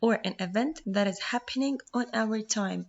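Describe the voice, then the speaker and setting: A woman whose first language is Arabic, teaching a phonics lesson, explaining slowly and sounding out words syllable by syllable. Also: medium pitch, gravelly, muffled recording.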